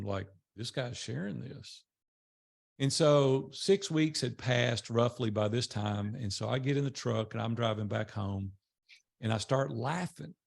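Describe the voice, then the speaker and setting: An older man tells a personal story to a small group. His voice is gravelly and a bit husky, at a middling pitch. He talks in a loose, conversational way and acts out the voices of the people he quotes. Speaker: speaker telling his life story.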